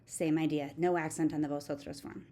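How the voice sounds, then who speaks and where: A woman with a lowish, mellow voice works through a recorded grammar lesson. She is steady and methodical, reciting verb forms one at a time like a patient teacher. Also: brisk. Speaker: Spanish teacher.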